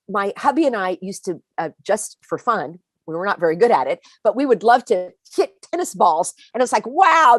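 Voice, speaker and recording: A woman hosting a live-stream motivational talk, emphatic and animated, speaking straight to her viewers. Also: mid-range voice, no room sound. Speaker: host.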